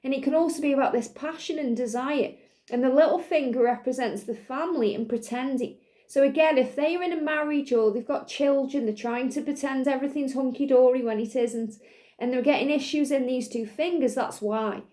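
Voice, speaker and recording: A woman with a high, soft and mellow voice gives an earnest spiritual reading straight to her viewers. She reassures them again and again and fills her talk with "you know". Now and then she clears a slight cough from her throat. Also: brisk. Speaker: spiritual reader. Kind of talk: channelled tarot-style reading to viewers.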